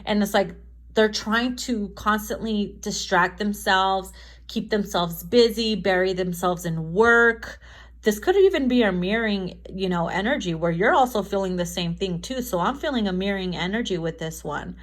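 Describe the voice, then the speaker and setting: A woman's voice: medium pitch, normal speed. A woman giving a casual tarot reading to camera, chatty and profane, often laughing and acting out quotes. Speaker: tarot reader.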